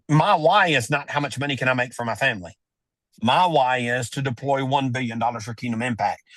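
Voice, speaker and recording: A man talking as a wealth adviser guest on a podcast, telling stories with lively acted-out dialogue. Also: mid-range voice, no room sound. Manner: animated storyteller, acts out quoted dialogue. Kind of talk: storytelling in a podcast interview.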